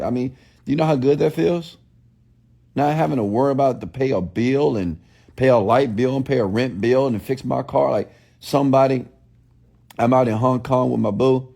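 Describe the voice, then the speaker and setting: Gravelly, mellow-voiced man preaching motivation. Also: mid-range voice. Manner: preachy, repetitive call-and-response questions; blunt, scolding. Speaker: motivational speaker. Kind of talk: motivational livestream talk.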